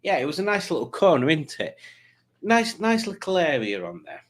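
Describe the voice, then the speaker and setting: Man, livestream host, teasing chatter, slightly high pitch. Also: huge pitch swings, normal speed. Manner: chatty, teasing, reads comments in put-on accents. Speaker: livestream host reading chat. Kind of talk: casual livestream chat.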